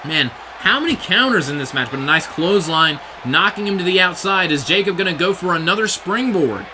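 A man giving excited play-by-play wrestling commentary, often shouting in disbelief, his voice getting strained. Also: high voice, a little fast, noisy background.

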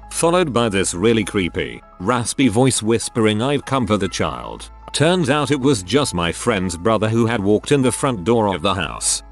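A man narrating online stories in a steady, even reading style. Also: fairly low pitch.

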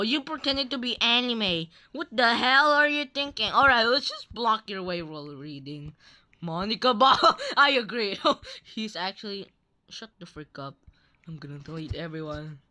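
Young woman, game commentary host; bright, unhurried, playful and teasing. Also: mid-range voice, expressive. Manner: playful, teasing, laughing often. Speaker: gaming channel host. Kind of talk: Roblox gameplay commentary.

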